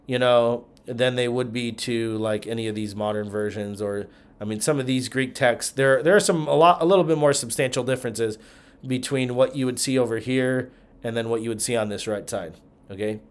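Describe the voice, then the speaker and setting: A man's voice: medium pitch, darkish tone, clear, resonant tone. A man teaching a Bible-history lesson, talking through charts and thinking aloud with frequent ums, restarts and check-ins. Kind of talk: lecture walking through charts.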